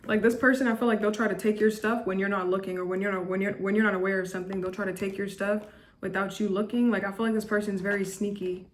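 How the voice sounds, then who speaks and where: A woman's voice: medium pitch, level tone, quick pace, slight background noise. A woman giving a casual tarot reading to camera, chatty and blunt, with lots of restarts and fillers. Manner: chatty, repetitive, with frequent restarts and "like"; blunt and judgmental. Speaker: tarot reader.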